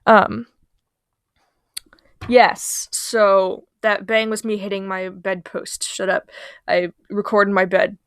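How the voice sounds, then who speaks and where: A young woman telling funny childhood stories in a casual, rambling voice-over, mocking herself and drifting into quiet asides. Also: mid-range voice, flat delivery, slow, pauses often, clean tone, no room sound, clean studio sound. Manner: rambling, self-deprecating, trails off into quiet asides. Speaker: storytime channel host. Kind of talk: casual storytime narration over a speedpaint. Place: small bedroom. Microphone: home recording mic, voice-over.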